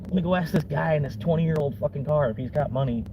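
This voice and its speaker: A man's voice: a little high, fast talker. A man from Florida, a vlogger rambling casually from his car, laid-back, chuckling often and swearing easily. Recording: car interior with vehicle noise.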